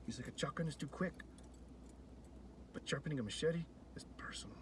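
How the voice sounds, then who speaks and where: A man voicing a jovial Salvadoran father of thirteen with an imitated Salvadoran accent, in a low, hushed, deadpan delivery. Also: a little fast, whispered, distant mic, close to an everyday voice.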